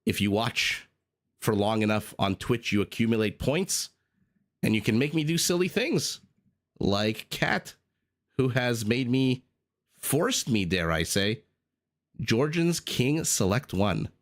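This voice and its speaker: An esports caster commentates a strategy game live on stream and chats casually, teasing himself playfully and coughing as he goes. The man's mid-range voice is animated but slow.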